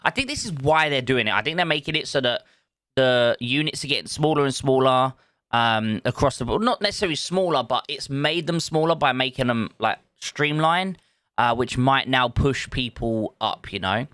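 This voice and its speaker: A man's voice: medium pitch, animated, normal speed, fairly bright tone, no echo, studio quality. A man, chatting casually on a live stream, thinking aloud and greeting viewers from chat. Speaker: livestreamer.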